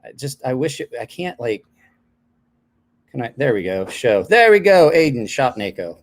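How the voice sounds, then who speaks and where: A man's voice: mid-range voice, big pitch swings, normal speed. A man in his forties chatting casually on a late-night live stream, telling rambling stories with a self-deprecating streak.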